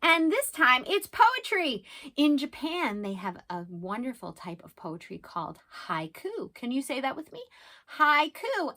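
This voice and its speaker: A woman in her thirties teaching young children and reading a picture book aloud, sing-song and animated, with quiet asides. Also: fairly high pitch.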